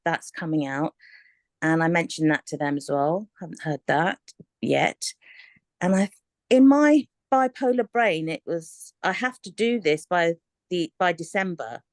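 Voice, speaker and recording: A woman, talking candidly and in a rambling, animated way on a coaching call, often laughing. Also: fairly low pitch, a little slow, no echo. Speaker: aspiring author on a coaching call. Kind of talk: candid casual chat.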